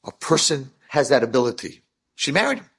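A middle-aged man, a rabbi, telling an inspirational story in a lively, animated way and acting out the dialogue. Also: a little fast, vocal fry, slightly rough. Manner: animated, acts out dialogue with big pitch swings.

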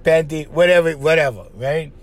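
A man hosting a podcast, giving casual advice in an animated monologue, laughing often and acting out little voices. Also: a little high, normal speed. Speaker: podcast host.

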